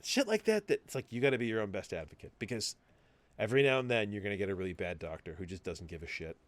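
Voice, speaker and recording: A man's voice: fairly low pitch, fast talker. A man co-hosting a podcast, telling a story in casual chat, acting out what others said and swearing freely. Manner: animated storytelling, swearing, acts out quoted voices. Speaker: podcast co-host.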